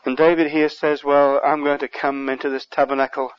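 English male preacher, high-pitched, passionate surges, muffled sermon tape. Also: little pitch movement, fairly quick, clean tone. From England. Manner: impassioned, surges louder on key words.

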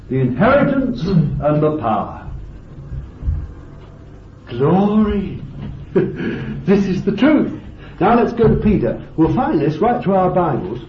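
A man's voice: fairly high pitch, slight background noise. Fervent male preacher on old tape. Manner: fervent, swings from loud exclamations to hushed asides. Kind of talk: sermon. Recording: roomy, distant, dull lo-fi tape recording.

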